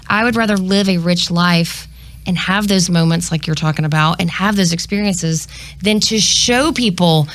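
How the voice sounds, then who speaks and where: A woman's voice: lowish voice, dry recording. A middle-aged woman, a guest on a radio talk show, chatting candidly and casually with some hesitant fillers. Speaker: guest, business development director.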